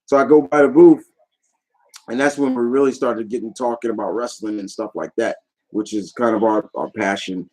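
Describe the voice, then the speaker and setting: A man recaps things for his vlog audience in an easygoing, rambling way. His voice sits in an ordinary middle pitch. He sounds eager and often lets a thought trail off before moving on. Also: fairly even intonation, moderate pace, a little mellow, rough recording. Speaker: YouTube vlogger. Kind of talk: casual chat recap.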